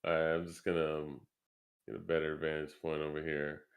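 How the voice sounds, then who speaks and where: A man's voice: extremely low pitch, completely flat delivery, brisk. An easygoing man playing a tabletop game, laughing often. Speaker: player. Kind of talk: casual tabletop game chat.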